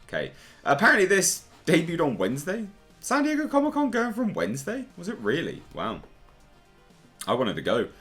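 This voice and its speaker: A man's voice: a little high, wildly swooping pitch, moderate pace, a bit bright, soft background music. A man hosting a casual pop-culture commentary video, talking in a sarcastic, exasperated way. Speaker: YouTube commentary host.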